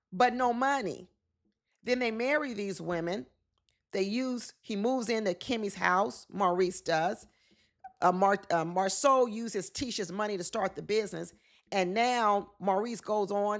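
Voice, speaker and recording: A woman giving casual, opinionated commentary on a reality show, often acting out what the cast members said. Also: medium pitch.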